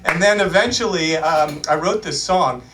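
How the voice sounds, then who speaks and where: A man's voice: a little high, normal speed, fairly bright tone, faint music behind. A man telling rambling anecdotes from a small club stage, hesitant and full of ums and restarts. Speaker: performer telling stories on stage.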